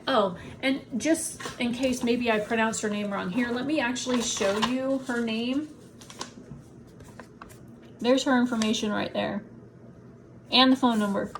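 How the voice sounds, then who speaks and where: Pitched on the high side, this vlogger's angry, blunt rant comes at a measured pace with frequent pauses, heavy swearing and indignation as a migraine leaves her upset and hurting. Slight background noise is audible.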